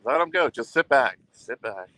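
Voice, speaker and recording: A man's voice: mid-range voice, animated, normal speed, sharp tone. A man hosting a livestream, talking in a rambling, boastful way and repeating himself. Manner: boastful and repetitive, goes on the offensive. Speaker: livestream host.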